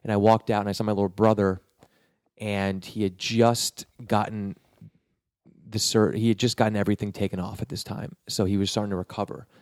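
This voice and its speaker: A man from New York tells his story in a loose, rambling way, restarting his sentences and acting out what people said. His voice sits fairly low. It is recorded close and dry, with no room sound. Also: flat delivery, fairly quick, darkish tone, no echo. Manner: rambling, with many restarts, and acts out the quotes. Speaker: guest telling his career story. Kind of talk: casual storytelling.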